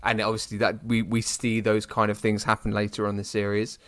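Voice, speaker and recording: A man's voice: on the low side, monotone, a little fast, fairly bright tone, no echo. Chatty British man, dry sound. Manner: rambling, many restarts and fillers, says "mate". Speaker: podcast co-host. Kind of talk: casual chat.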